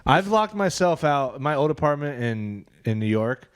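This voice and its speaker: A man's voice: fairly high pitch, sing-song, moderate pace, smooth, no echo. A man co-hosting a podcast, telling a personal anecdote in a casual comedic chat from a living room studio. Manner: anecdotal storytelling. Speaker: podcast co-host.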